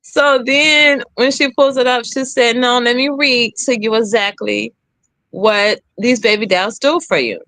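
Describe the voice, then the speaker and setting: A woman's voice: on the high side, steady tone, measured pace, fairly bright tone, no room sound. A young woman candidly telling her own story, re-enacting the lines of others with emphasis. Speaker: guest sharing her story.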